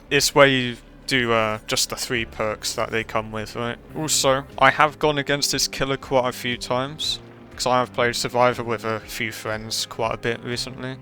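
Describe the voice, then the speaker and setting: A man's voice: mid-range voice, pushed and bright. A man giving casual, rambling gameplay commentary with self-deprecating remarks. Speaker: gaming channel host.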